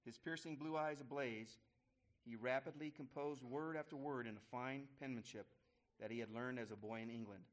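A man reading a history story aloud to listeners, pausing to explain and correcting himself as he goes. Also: mid-range voice. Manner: pauses to explain and restart phrases.

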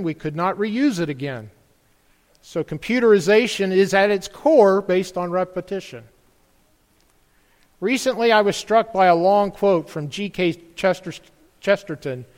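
Man preaching in church; earnest, questioning delivery, high-pitched, ringing reverb. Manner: earnest, rhetorical questions to the congregation. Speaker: pastor. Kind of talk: sermon.

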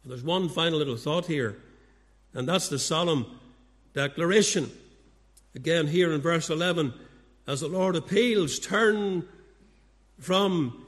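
A man preaching a sermon in a church, his voice sitting a little high. He presses the listeners with repeated questions, rising to urgent appeals and sinking to quiet, low warnings. A long reverb from the hall trails after each phrase. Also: a little slow, pauses often. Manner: pleading, repetitive rhetorical questions; swings between loud urgent appeals and hushed low warnings. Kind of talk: evangelistic sermon. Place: church service.

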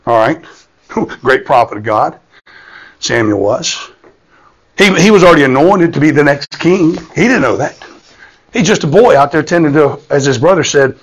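High-voiced preacher in his fifties. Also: lively intonation, normal speed, pauses often, breathy edge, poor audio. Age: 50s. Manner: folksy storytelling, repeats words, asks "okay?". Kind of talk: sermon.

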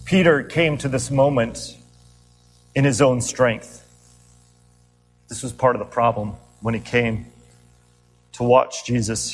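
A man preaching a sermon as a pastor, earnest and animated, asking his listeners rhetorical questions as he retells the story. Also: medium pitch, big-room sound, slight background noise, poor audio.

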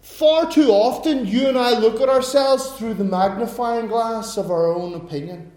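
Man, middle-aged, preacher, high voice, lively storytelling, echoey room. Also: normal speed. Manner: animated storytelling, laughing bursts. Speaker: pastor. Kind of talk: sermon with personal stories. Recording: roomy echo.

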